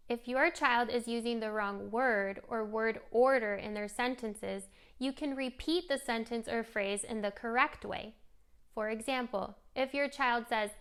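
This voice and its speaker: A woman presenting a scripted lesson for parents on modeling language for young children, coaching in a clear, gentle way. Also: fairly high pitch. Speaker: speech therapy presenter. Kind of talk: scripted instructional narration.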